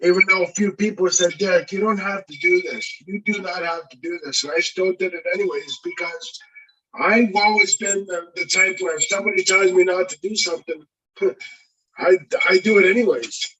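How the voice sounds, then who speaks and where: A man from Windsor, Ontario speaks earnestly in a casual livestream chat, with a high, bright and slightly husky voice. He sounds distant from the mic, as if joining over a call. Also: steady tone, normal speed. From Windsor, Ontario, Canada. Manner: earnest, determined, a bit rambling. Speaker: guest YouTuber.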